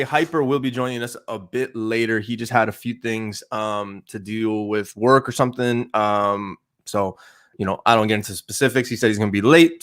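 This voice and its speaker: A man's voice: medium pitch, a bit bright. A man from Canada hosting a casual livestream chat, joking and loose with lots of fillers. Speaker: livestream host.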